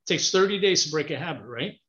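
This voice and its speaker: Here a man on the high side talks fast with lively intonation and a sharp tone, dispensing casual, upbeat advice in an interview. Repetition and frequent "you know"s run through it, and the sound is dull and lo-fi.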